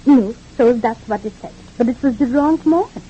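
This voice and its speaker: A fairly high, warm female voice, lightly acted and at a moderate pace, plays a kindly, talkative immigrant mother in a 1940s radio drama. The recording is dull and old with slight hiss or hum. Chatty in mood, she stammers, repeats herself, and drifts into rambling philosophy.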